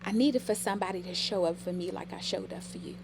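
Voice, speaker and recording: A woman's voice: on the low side, quick pace, background noise. A middle-aged woman telling personal stories with emotion in a casual podcast conversation. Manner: emotional, storytelling. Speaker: podcast guest.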